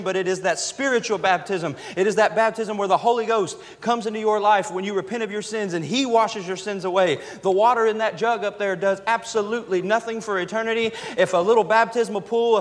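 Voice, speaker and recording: A man with a high voice preaches a sermon to his congregation, hammering his points by repeating them. His voice rings out with a long reverb, filling the church sanctuary. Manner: emphatic preaching, repeats phrases for effect. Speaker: pastor.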